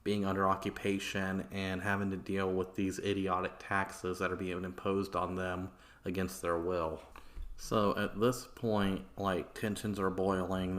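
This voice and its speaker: एक आदमी पॉडकास्ट होस्ट के रूप में अनौपचारिक अंदाज़ में इतिहास की कहानी सुना रहा है, बीच-बीच में गालियों और "like" जैसे भराव शब्दों के साथ।. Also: male voice, low-pitched, fairly bright tone. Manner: casual, swearing, filler-heavy. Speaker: podcast host. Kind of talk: casual history storytelling.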